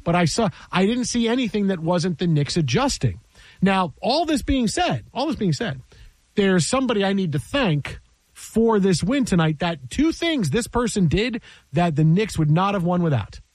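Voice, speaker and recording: A man's voice: sits high, sing-song, normal speed, no room sound. A man hosting a sports talk show, emphatic and sarcastic, riffing in mock quotes.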